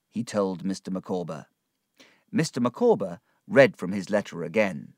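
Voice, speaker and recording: Slow, measured male storybook narrator. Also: low voice, expressive, dry recording, clean studio sound.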